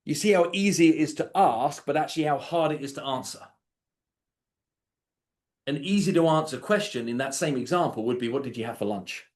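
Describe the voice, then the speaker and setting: Animated male coach on a video call. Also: a little high, moderate pace, long pauses. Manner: animated, acts out sample dialogues. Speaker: sales coach.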